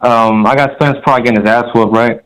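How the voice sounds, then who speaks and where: A man's voice: medium pitch, fairly even intonation, quick pace, fairly bright tone, clean tone, poor audio. A man calling in to a show, telling a rambling story in a swaggering, crude way. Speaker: caller. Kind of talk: casual storytelling on a call-in show.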